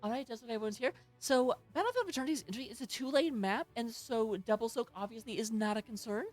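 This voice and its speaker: A woman's voice: a little high, fast, a little mellow. A woman casting a live-streamed esports match from her home setup, playful, goofy and self-mocking as she talks into a headset. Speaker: esports tournament caster.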